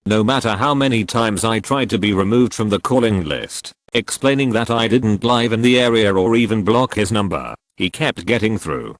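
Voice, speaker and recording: Low male narrator voice, kinda synthetic, reads out symbols like asterisk, bouncy pitch, dry sound. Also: expressive, moderate pace, hardly any pauses, no room sound. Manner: reads symbols and acronyms out literally. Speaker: reader of online posts. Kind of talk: scripted narration.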